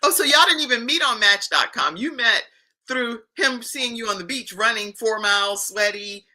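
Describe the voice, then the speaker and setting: A woman's voice: fairly high pitch, lively intonation, moderate pace, sharp tone. A woman hosting a talk show, chatty and prompting her guest to finish her stories. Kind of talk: casual talk show chat.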